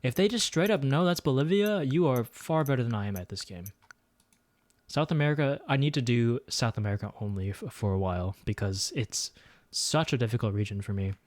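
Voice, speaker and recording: A man's voice: mid-range voice, fairly quick, no echo. Man muttering guesses over a game. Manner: thinks aloud, mutters guesses, self-deprecating. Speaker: streamer playing a geography guessing game. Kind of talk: casual gameplay commentary.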